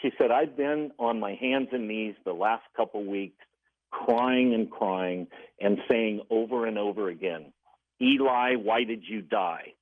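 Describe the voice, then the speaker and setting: A man with a lowish voice, talking a little slowly, calls a radio show over a tinny telephone connection. In an earnest tone, he narrates a story and acts out the dialogue of each person involved.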